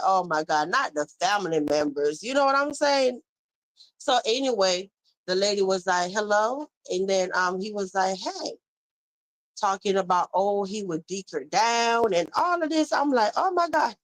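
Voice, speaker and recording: A woman's voice: medium pitch, no room sound, low-quality recording. A woman hosting a casual live stream, chatting and reading viewer comments aloud as she answers them.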